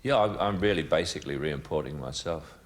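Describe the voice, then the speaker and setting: A man's voice: rumbling low, brisk. A man answering an interview, musing aloud with stops and restarts.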